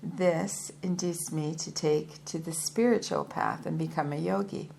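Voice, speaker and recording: A woman's voice: low voice, steady tone, measured pace, vocal fry, a little mellow, a little hiss or hum, full character voice. A woman voicing a proud, hefty male yogi and former soldier who speaks formally and politely, calling his listener sir. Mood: earnest.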